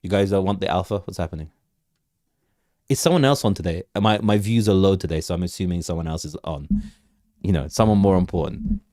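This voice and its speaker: A man with a lowish voice hosts a crypto livestream, talking through market levels in a loose, rambling way. He restarts sentences, repeats words and keeps asking the chat what to look at, recorded close and dry. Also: a little fast, warm tone, no room sound. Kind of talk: casual live market commentary.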